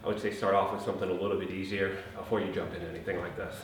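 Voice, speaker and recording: A man's voice: low voice, very fast, faint music behind. Breathless man in an echoey room. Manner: relaxed, chatty, huffing between phrases. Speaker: fitness trainer. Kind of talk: casual workout instruction. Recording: very echoey room, mic at a distance, faint noise.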